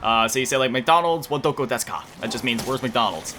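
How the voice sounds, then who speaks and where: A man's voice: medium pitch, animated, quick pace, music in the background. A man chatting casually while playing a game, rambling and correcting himself often, with lots of fillers and self-mocking chuckles. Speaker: gaming video creator. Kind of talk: casual chat over gameplay.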